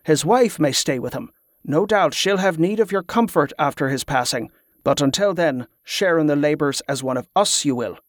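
A man voicing a stern middle-aged priest who speaks low and clipped, with inverted word order. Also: lively intonation, moderate pace, no echo, clean studio sound, natural voice.

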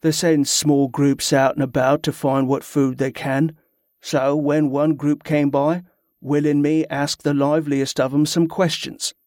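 A man voicing a cold-blooded smuggler in an audiobook, flat and bored, with clipped, rough dialect. The sound is dry and close. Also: fairly high pitch, measured pace, dry recording, lightly acted.

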